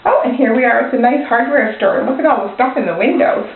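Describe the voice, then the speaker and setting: A young woman reads a picture book aloud in a gentle storytime manner, her voice pitched a little high. The sound is tinny and phone-like, with heavy echo from the room. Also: fast talker, distant mic, slight background noise. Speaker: library student reading a picture book.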